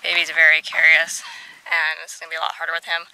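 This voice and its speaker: A woman's voice: sits low, monotone, fast talker, background noise. A woman training her camel outdoors, snapping short firm commands and switching to cooing baby talk. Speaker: camel owner training animals. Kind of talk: outdoor animal training vlog. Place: outdoors in a rural yard.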